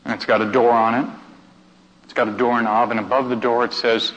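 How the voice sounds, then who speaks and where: A man preaching through a story, stammering and repeating himself, swinging between hushed and excited delivery. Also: medium pitch, a little fast. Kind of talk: sermon storytelling. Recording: reverberant hall, dull muffled sound, faint noise.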